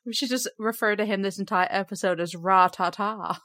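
A woman hosting a casual podcast, upbeat and quick to giggle as she reads out facts. Her voice sits at a middle pitch. The recording is dry and close. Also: fairly bright tone, dry recording. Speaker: podcast host. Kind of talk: casual chat presenting facts.

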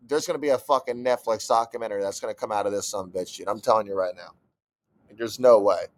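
A man's voice: lowish voice, quick pace. A young man co-hosting a podcast, chatting casually and breaking into profane, exasperated rants. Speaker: podcast co-host. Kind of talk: casual chat.

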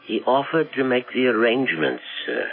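An actor playing a nervous, deferential butler in a 1970s radio drama, on a tinny old broadcast recording. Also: male voice, mid-range voice, big pitch swings, moderate pace, breathy edge, faint music behind. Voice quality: deferential, hesitant.

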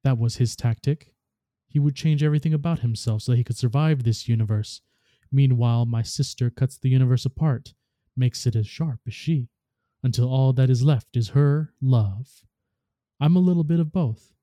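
A man reading aloud as a scheming ancient female witch god, in a measured, reflective way. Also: medium pitch, mellow, no room sound, clean studio sound, close to an everyday voice. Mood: wry, musing.

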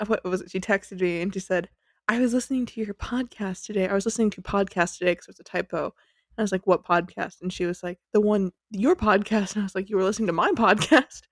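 A woman with a mid-range voice hosts a podcast, telling a story in a chatty, giggly, self-deprecating manner. She's close to the mic, and there's no echo.

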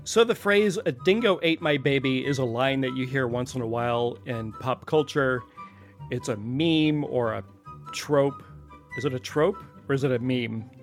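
A man's voice: mid-range voice, a little slow, soft background music. A man hosting a podcast, talking in a chatty, digressive way and asking himself questions aloud. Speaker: podcast host. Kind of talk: casual explanatory podcast talk.

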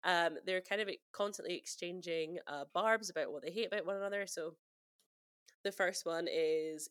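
A bright, forward-sounding woman from the UK talks through a film in loose, animated podcast chat. She laughs easily and jumps in pitch when something amuses her. The sound is dry and close, with no room around it. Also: normal speed, clear, resonant tone, dry recording. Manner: animated, laughs often, quotes film lines in put-on voices. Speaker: podcast co-host. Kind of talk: casual chat.

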